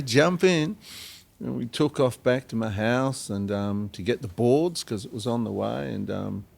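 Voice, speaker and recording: An Australian man, a singer-songwriter guest, telling rambling anecdotes with many pauses and acted-out quotes. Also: medium pitch, creaky. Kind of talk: storytelling in a podcast interview.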